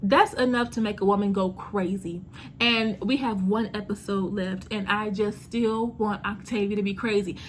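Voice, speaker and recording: A young woman chatting casually as a TV recap vlogger, sassy and animated, talking straight to her viewers with lots of "girl" and "honey". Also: mid-range voice, moderate pace, a little hiss or hum.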